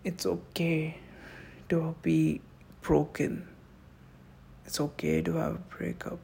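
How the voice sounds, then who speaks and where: A man giving an intense, emotional monologue on love, swearing and swinging between hushed passages and shouting. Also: on the high side, level tone, slow pace, gravelly, a little hiss or hum. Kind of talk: impassioned spoken monologue.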